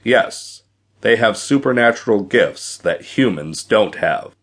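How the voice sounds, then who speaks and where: A man's voice: lowish voice, animated, slow, a bit bright, exaggerated voice. A man voicing a young married hero, nervous but determined, speaking wryly in an audiobook. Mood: defiant. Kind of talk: audiobook character voice.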